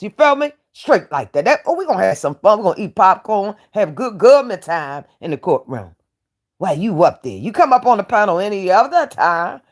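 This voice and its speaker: Brash taunting woman host. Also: mid-range voice. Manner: brash, taunting, animated, laughs often. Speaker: YouTube commentary host playing a judge. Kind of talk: casual streetwise commentary rant.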